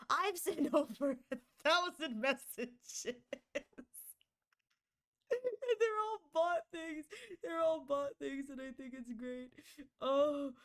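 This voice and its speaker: A woman's voice: high voice, a bit bright. A woman streamer chatting casually with her viewers, giggling often, rambling and apologizing with many restarts. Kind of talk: casual chat with live chat.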